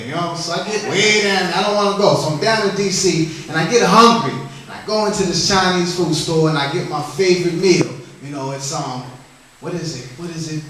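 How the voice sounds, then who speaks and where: A man's voice: a little high, a bit bright. A man from the area, doing a rambling, self-deprecating stand-up set at an open mic. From Boston area. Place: small lounge bar. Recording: echoey room from far off, faint noise.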